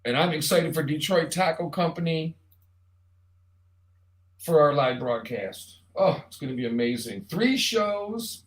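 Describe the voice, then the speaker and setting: A man's voice: on the high side, expressive, a little slow. A man hosting a live online show, talking casually in a rambling, jokey monologue straight to the viewer. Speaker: show host. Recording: roomy echo.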